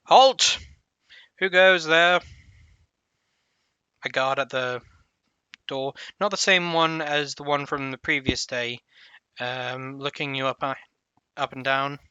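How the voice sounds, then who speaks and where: A man narrating a tabletop game as game master in an unhurried, halting descriptive way. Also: mid-range voice, steady tone, bright, forceful tone, clean tone, no echo, muffled recording.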